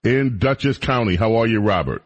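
A man with a Southern American accent hosting a call-in radio show, moving callers along quickly. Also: fairly low pitch, animated, dull audio. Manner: brisk, urging callers to be quick. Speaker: radio talk show host.

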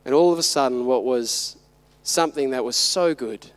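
A man's voice: mid-range voice, normal speed. A man in his thirties, a father, preaching a sermon with emphatic rhetorical questions.

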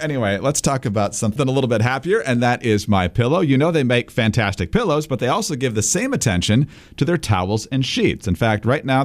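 A man co-hosting a political podcast, wry and steady, also reading the sponsor ads smoothly. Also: on the low side. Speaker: co-host. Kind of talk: political podcast commentary and ad read.

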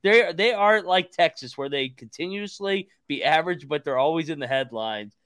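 A man's voice: on the high side, animated, moderate pace, a bit bright, smooth, dry recording. A man hosting a casual sports talk podcast, swearing and laughing a lot. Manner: profane, laughing, rambling. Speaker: podcast host.

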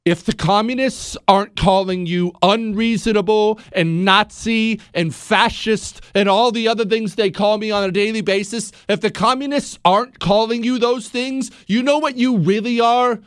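A man's voice: sits high, normal speed, few pauses, clear, resonant tone, no room sound. A man hosting a talk radio show, ranting with passion and sarcasm into a studio mic.

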